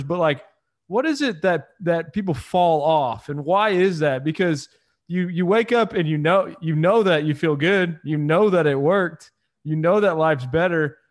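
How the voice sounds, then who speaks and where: A man hosting a podcast, asking long questions in a relaxed, halting way with fillers. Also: high-pitched. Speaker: podcast host. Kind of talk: conversational podcast interview.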